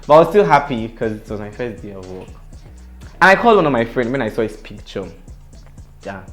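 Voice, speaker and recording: A young Nigerian-accented man recounts a personal story in a lively, dramatic vlog style, dropping in pidgin phrases. His voice sits at an ordinary middle pitch. Soft music plays faintly beneath him. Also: a little fast. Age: young adult. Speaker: vlogger.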